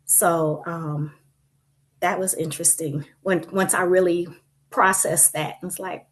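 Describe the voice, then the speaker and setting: Woman telling her story, chatty and lively. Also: on the low side, takes it slowly. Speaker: patient guest sharing her experience. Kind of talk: casual panel discussion.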